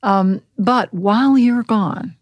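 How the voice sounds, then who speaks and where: A woman animal communication counselor speaking calmly and gently instructing, in a podcast interview. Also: mid-range voice, takes it slowly, dry recording. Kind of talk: podcast interview, guided visualization.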